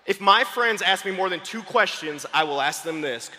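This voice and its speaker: Man, motivational sales trainer, fast and excitable, shouting, high bright voice, big hall reverb.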